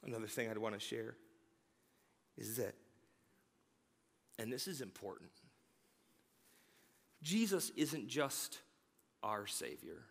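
A man preaching a sermon in a church, energetic and conversational, stammering now and then. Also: mid-range voice, slow pace, creaky, pauses often, big-room sound. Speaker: pastor. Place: large church sanctuary.

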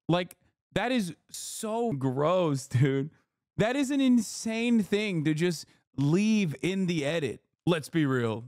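A man in his thirties streams his reaction to a video, mocking it with profane sarcasm. His voice sits a little high for a man and sounds close and dry, with almost no room around it. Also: expressive, measured pace, a little mellow, no room sound. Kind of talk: casual live-stream commentary.

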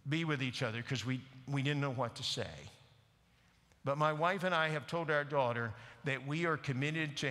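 A man playing a grieving, humble pastor who speaks softly and haltingly through tears. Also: medium pitch, long reverb tail. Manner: soft, halting, tearful confession. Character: grieving middle-aged pastor, humble and broken.

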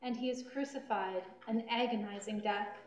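A woman reading the narration of a scripture passage at a church service, steady and clear. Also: on the high side, normal speed, heavy background noise. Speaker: lay reader, narrator. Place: church sanctuary. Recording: echoey church.

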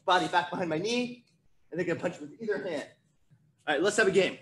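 A man's voice: high-pitched, expressive, fast, fairly bright tone, slight background noise. A man teaching a virtual martial arts class to kids, coaching energetically and counting out drills. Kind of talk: virtual kids' class instruction.

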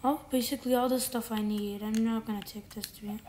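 A woman's voice: on the high side, steady tone, fast. Rambling woman narrating her gameplay. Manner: rambling, self-correcting, thinking aloud while playing. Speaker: gamer. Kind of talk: casual gameplay commentary. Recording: loud background noise with clicks.

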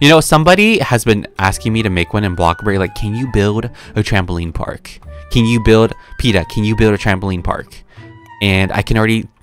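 Playful, low-voiced male gaming host. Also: fairly bright tone. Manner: playful, chatty, frequent gasps and laughs. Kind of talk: casual gameplay commentary.

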